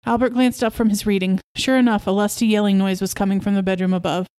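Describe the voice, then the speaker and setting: A woman hosting a podcast reads a short story aloud. Her narration is steady and even, at a middling pitch. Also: fast talker, clean tone. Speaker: podcast host reading a story.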